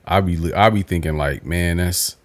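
A man's voice: sits low, moderate pace. A man with a Detroit accent co-hosting a podcast, talking bluntly and profanely in casual chat. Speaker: podcast co-host.

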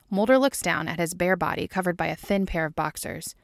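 Low-voiced woman reading a story. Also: expressive, brisk, creaky, few pauses, no echo, studio quality. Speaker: audiobook reader. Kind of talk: fan fiction reading.

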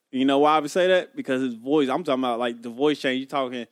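A man's voice: mid-range voice, fast, dry recording, studio quality. A man co-hosting a podcast, making his case earnestly in casual chat and often repeating himself. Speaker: podcast co-host.

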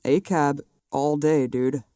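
A man's voice: on the high side, steady tone, takes it slowly, mellow, clean tone, dry recording, clean studio sound. A man co-hosting a podcast, chatting casually, reacting with swears and lots of "dude". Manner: reactive, swears in disbelief, says "dude" a lot. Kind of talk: casual conversational podcast chat.

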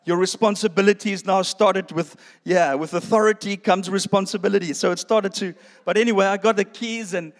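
A man's voice: high voice, steady tone, a little fast, few pauses. A man giving a sermon testimony, telling his story with self-deprecating humor and calling his listeners friends. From South Africa. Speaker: preacher. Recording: long hall reverb.

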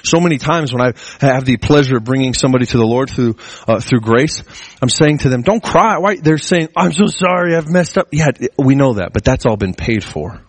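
A man preaching a sermon in an earnest way, his pitch climbing as he presses his points. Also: fairly quick, no room sound. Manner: earnest, rising pitch when stressing a point. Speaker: pastor.

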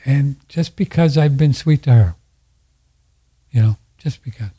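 A man's voice: mid-range voice, a little slow, warm tone, husky. A man hosting a radio show, talking in a folksy, rambling way and often repeating himself. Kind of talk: casual conversation.

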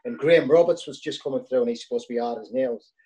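A man's voice: mid-range voice, quick pace, dark tone, low-quality recording. A man chatting in an easygoing way about old teammates. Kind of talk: casual chat.

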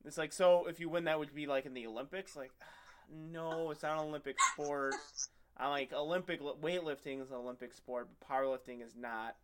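A man's voice: on the high side, steady tone, fairly quick, a bit bright, slight background noise. A young man in casual podcast chat, telling long joking stories and acting out what other people say. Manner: rambling, joking storyteller who acts out other people.

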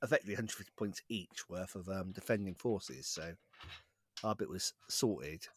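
A man's voice: low voice, normal speed, slight background noise. Easygoing man with a West Country accent. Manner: easygoing, laughs often. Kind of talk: casual chat.

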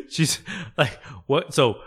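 A man co-hosting a podcast in casual chat, laughing often and talking in quick bursts. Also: a little high, big pitch swings, slightly rough. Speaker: podcast co-host.

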